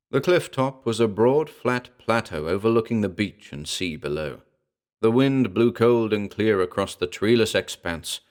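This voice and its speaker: Low-voiced male horror story narrator. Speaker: audiobook narrator. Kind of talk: scripted horror fiction reading.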